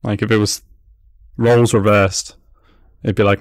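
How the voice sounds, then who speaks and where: A man's voice: on the low side, little pitch movement, unhurried, dry recording, studio quality. A man giving casual, amused running commentary while reacting to an anime episode, laughing often.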